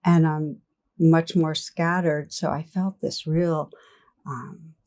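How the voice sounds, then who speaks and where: An older woman giving a reflective meditation talk, gently telling stories and laughing softly. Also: low voice, steady tone, takes it slowly. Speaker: meditation teacher. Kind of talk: dharma talk.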